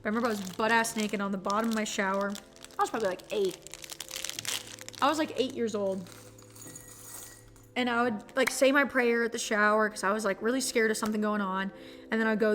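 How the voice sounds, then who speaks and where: A woman's voice: fairly high pitch, lively intonation, quick pace, a bit bright. A young woman streamer chatting casually while playing a game, swearing freely and rambling through stories.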